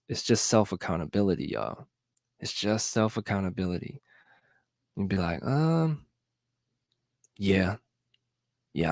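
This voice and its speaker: A middle-aged man speaks in an earnest, motivational way, pressing his viewers and saying his points again and again. His voice sits on the low side. The sound is dry, with no room echo. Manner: earnest and repetitive, urging viewers directly. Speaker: motivational livestream host. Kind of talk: motivational talk.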